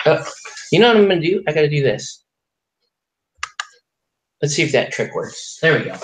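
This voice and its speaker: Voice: mid-range voice, sing-song, moderate pace. A streamer in playful, casual chat while airbrushing on stream. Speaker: miniature painting streamer. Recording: distant, roomy, noisy mic.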